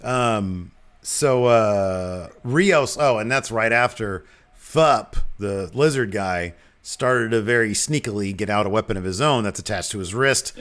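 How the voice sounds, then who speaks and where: Podcast guy w a lowish voice running through the plot, lots of ums. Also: fairly bright tone. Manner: recaps plot step by step with many ums and quick quoted lines. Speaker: podcast co-host. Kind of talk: casual episode recap.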